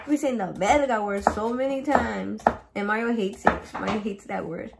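A woman's voice: on the high side, moderate pace, few pauses. A young woman filming a casual cooking vlog in her home kitchen. She is playful and swears a lot, and she drops Spanish words into her English. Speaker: home cook vlogger. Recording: clear noise of chopping and clicks.

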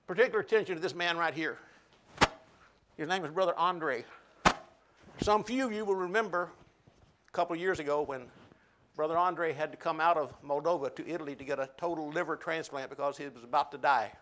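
A man's voice: fairly high pitch, fairly quick, long pauses, noisy background. A man preaching as a pastor, telling an emotional story and acting out the dialogue, with laughs along the way. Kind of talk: sermon storytelling. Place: church sanctuary.

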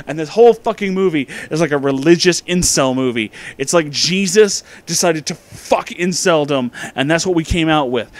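A drunk man hosting a comedic movie review, ranting with heavy profanity and loud outbursts. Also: a little high, normal speed, few pauses.

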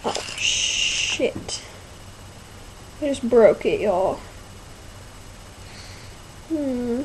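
Teen girl rambling thru her haul vid, kinda high voice, real slow, says y'all a lot. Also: expressive, noisy background. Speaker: vlogger. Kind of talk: casual haul video.

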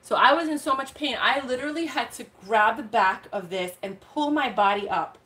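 A young woman hosting a livestream, chatting casually and telling a story with lots of slang and animated asides. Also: fairly high pitch, normal speed. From United States. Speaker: live sale host.

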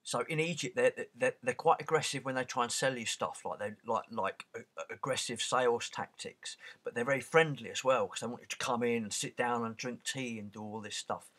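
A man in his forties talks in a loose, wandering way. He stops and restarts, fills gaps with "um" and "like", and circles back on himself. His voice sits at a mid pitch for a man. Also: brisk, a bit bright. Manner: rambling and hesitant, many fillers and restarts. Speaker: channel host. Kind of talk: casual spoken commentary.

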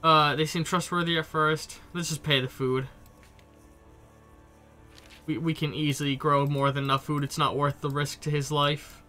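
A man with a stuffy cold giving casual, excitable commentary while playing a game. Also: on the high side, normal speed, long pauses, soft background music. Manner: chatty, swearing, excitable reactions. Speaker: let's play streamer. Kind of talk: gameplay commentary.

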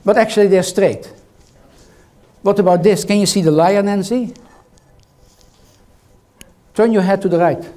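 A man's voice: sits high, fairly even intonation, measured pace, long pauses, mellow. An older man with a foreign accent giving a lecture in a hall, teasing and quizzing the audience as he goes. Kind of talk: interactive lecture.

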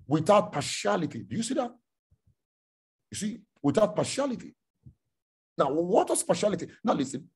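A male preacher delivers a sermon with a lively, swooping pitch that climbs sharply when he drives a point home. His voice is slightly husky, and he keeps repeating phrases and checking that the listeners understand. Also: moderate pace, long pauses. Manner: rhetorical questions, repeating phrases, rising to shouts.

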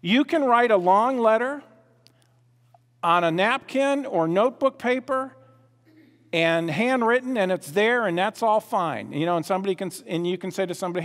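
A man with a fairly high voice preaches a sermon, leaning hard on key words and often repeating himself. He keeps checking in with the listeners with questions. The recording carries a long hall reverb. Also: animated, normal speed. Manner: emphatic, repeats himself, asks the audience questions.

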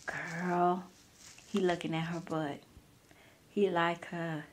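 A woman voicing a spiteful ghost of insecurity that taunts in a low, hushed voice. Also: steady tone, moderate pace, vocal fry, a little hiss or hum. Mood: taunting.

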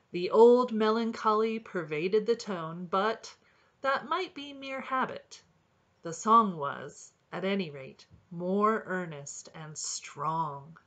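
A woman with a mid-range voice reads a storybook aloud as an audiobook narrator. Her delivery of the scripted text is calm and measured.

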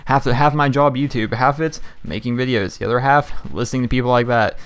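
A man's voice: mid-range voice, fast, fairly bright tone, clean tone. A man giving casual gameplay commentary as a video game YouTuber, chatty and rambling with lots of fillers and restarts. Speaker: gaming YouTuber.

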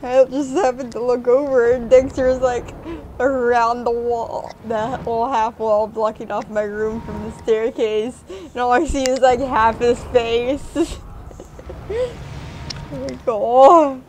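High-voiced woman playing a video game. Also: flat delivery, measured pace, darkish tone, a little hiss or hum. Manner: chatty, scolds the game, soothes her dog. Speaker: let's play host. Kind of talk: gameplay commentary. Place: home room.

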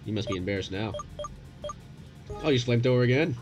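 A young man commentating his own gameplay, excitable and profane, yelling at the game in bursts. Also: medium pitch, fast, muffled recording. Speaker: gaming YouTuber. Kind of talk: let's play commentary. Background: game music.

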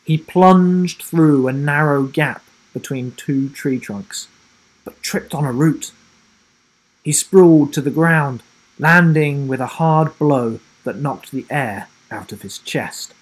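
A man reading a children's adventure story aloud, with dramatic delivery that drops low and soft for suspense. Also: slow pace, rough recording. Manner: self-corrects and rereads slips. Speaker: storybook reader.

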